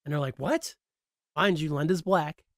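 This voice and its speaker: A man hosting a solo podcast in a relaxed, slangy, rambling chat on a close mic. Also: on the high side, moderate pace, clean tone, no echo. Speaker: podcast host.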